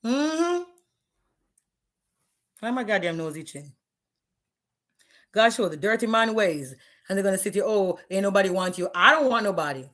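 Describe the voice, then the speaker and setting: A woman's voice: medium pitch, very animated, a little slow, pauses often, a bit bright. Blunt, profane woman ranting on a live stream. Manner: blunt and profane, fiery, challenging viewers. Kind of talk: candid live-stream rant.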